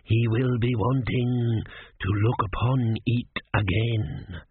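A man voicing an ancient, solemn male mummy priest who speaks slowly and bluntly, on a tinny, phone-like recording. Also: medium pitch, fairly even intonation, husky, no echo.

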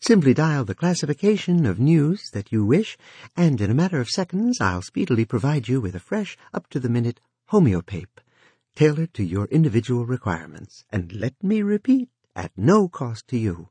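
A man's voice: medium pitch, very animated, moderate pace, mellow, husky, no room sound. A tinkling salesy hotel machine, as a man puts it on. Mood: chirpy. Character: cheerful tinny hotel news-vending machine.

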